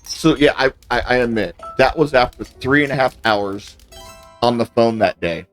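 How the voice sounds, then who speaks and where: A man's voice: mid-range voice, animated, normal speed, fairly bright tone. Guy rambling thru a long gripe story while gaming, does everyone's lines himself, faint game music behind. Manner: rambling storyteller, acts out both sides of quoted exchanges. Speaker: gaming channel host. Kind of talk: casual chat while gaming.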